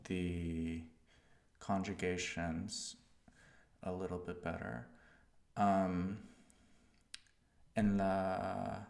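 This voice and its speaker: Slow, gravelly man thinking aloud. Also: low-pitched, darkish tone, roomy sound. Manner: slow, musing, talks to himself while working out conjugations. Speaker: streamer learning Spanish. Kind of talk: live-streamed self-study, thinking aloud.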